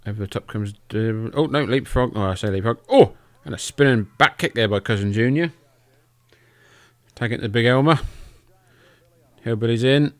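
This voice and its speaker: A man's voice: medium pitch, moderate pace, pauses often, dry recording. A podcast host, a man, casually calling old wrestling matches in a loose, joking and profane way. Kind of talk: casual play-by-play commentary over old footage.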